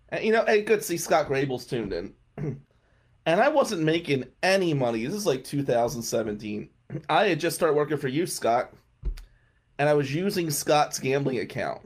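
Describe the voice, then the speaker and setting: Guy on the radio telling a funny story, mid pitch, clears his throat a lot, little laughs. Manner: clears throat often, chuckles mid-sentence. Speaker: radio show host. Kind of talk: casual comic storytelling.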